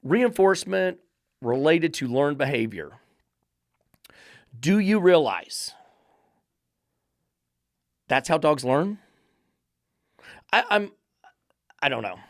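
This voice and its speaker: A man's voice: on the high side, sing-song, slow pace, pauses often, dry recording, studio quality. A man who trains dogs and hosts a podcast, ranting in a blunt, profane, emphatic monologue. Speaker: dog trainer and podcast host.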